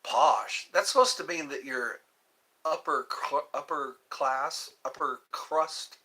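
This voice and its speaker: A man hosts a rambling live stream from his phone, his fairly high voice slow, pushed, bright, and husky. Jokey throughout, he reads viewers' questions aloud and answers them.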